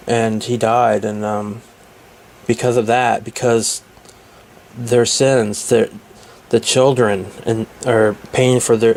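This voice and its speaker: Slow, flat-voiced man retelling a film. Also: on the low side, slight background noise. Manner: hesitant, many filler pauses. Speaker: movie reviewer. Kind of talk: casual plot retelling.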